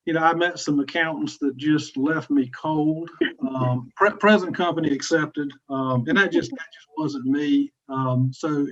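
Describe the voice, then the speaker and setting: A man's voice: medium pitch, highs cut off. A man from South Carolina with a Southern accent, talking easily as a podcast guest about his career. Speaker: podcast guest, insurance agency president. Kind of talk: casual interview talk.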